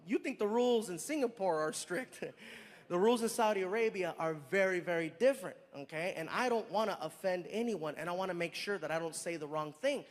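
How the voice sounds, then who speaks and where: A man doing a stand-up comedy set, telling an animated story on stage into a stage microphone, with acted-out dialogue. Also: high voice, fairly quick, big-room sound. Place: live comedy venue on stage.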